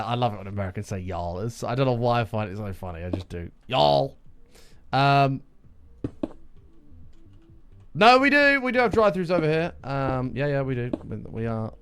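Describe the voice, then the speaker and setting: A man talking through a gaming livestream in a loose, jokey way, reading out chat and answering it. His pitch jumps around a lot as he talks, and faint music plays underneath. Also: clean tone. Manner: jokey, chatty, reads and answers chat aloud. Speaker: streamer.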